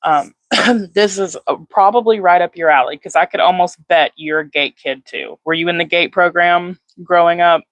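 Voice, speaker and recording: This woman runs a casual phone livestream, rambling with lots of fillers and calling out viewers by name. Her voice is on the low side at a normal speed, with no room sound.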